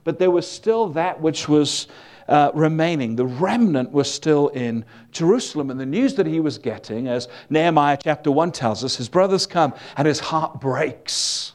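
A man preaching a sermon, his voice sitting a little above the usual male pitch. He talks to the congregation in a loose, conversational way, telling homely stories with a humorous edge. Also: expressive, moderate pace, darkish tone.

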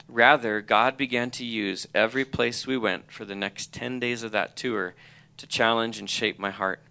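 A man's voice: medium pitch, fairly even intonation, moderate pace, gravelly, sharp tone, smooth. A middle-aged man giving an earnest personal testimony, reading aloud from his own journal. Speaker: college president or ministry leader.

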